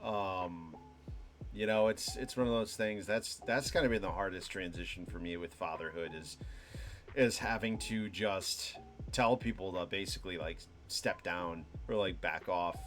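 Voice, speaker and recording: Young male streamer, lowish voice, rambling reflective monologue full of restarts, faint music underneath. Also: fairly bright tone. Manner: halting, many restarts and fillers, laughs at own stories. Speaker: streamer hosting a live talk show.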